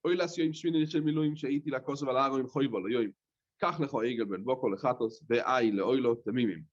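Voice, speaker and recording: A rabbi teaching a Talmud class, reading the text in a singsong chant and explaining it in plain, hesitant speech. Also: male voice, mid-range voice, fast talker, muffled recording. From London. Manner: hesitant, with many "uh" fillers.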